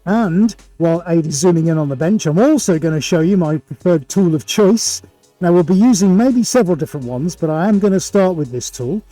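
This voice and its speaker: A man's voice: on the high side, expressive, fairly quick, warm tone, dry recording, soft background music. A middle-aged man hosting a live painting stream, chatty, jokey and full of showman energy, in his art studio. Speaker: art livestream host. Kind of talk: upbeat live presenting. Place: home art studio with several cameras.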